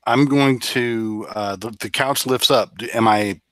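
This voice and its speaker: A man playing a tabletop game, speaking hesitantly with halting restarts. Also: medium pitch, fairly bright tone, no room sound. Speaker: player. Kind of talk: casual tabletop play.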